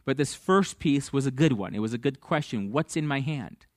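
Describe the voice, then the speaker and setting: A pastor preaches a sermon in a mid-range, slightly mellow male voice, animated and at a normal pace. He tells stories and acts out the dialogue of the people in them. The studio recording is clean, with no echo.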